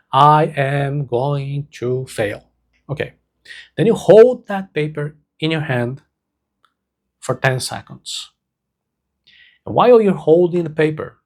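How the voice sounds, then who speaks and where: A man teaching a self-help lesson, speaking slowly and deliberately and repeating key words for emphasis. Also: on the high side. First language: Portuguese.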